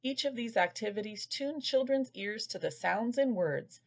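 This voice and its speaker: Lively lady explaining reading games, bit of vocal fry, slow careful sounding out. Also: on the high side. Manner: patient, sounds out words slowly. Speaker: early reading instructor. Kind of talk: scripted instructional narration.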